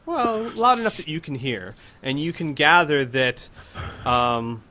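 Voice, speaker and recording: A man narrating as game master in a tabletop role-playing game, relaxed with fillers. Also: a little high, measured pace.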